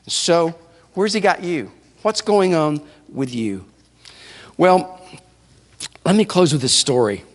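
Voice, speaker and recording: A man pastor preaching a sermon in a church, telling stories with animated delivery. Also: high voice. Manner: animated storytelling preacher, shouts playful whoops. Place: church sanctuary. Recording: church hall reverb.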